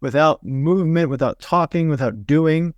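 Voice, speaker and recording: A male psychiatrist hosts the podcast and lays out his points in a measured, explanatory way. His voice is smooth and resonant. The recording is dry and close. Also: fairly high pitch, no room sound. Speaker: psychiatrist host. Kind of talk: podcast conversation.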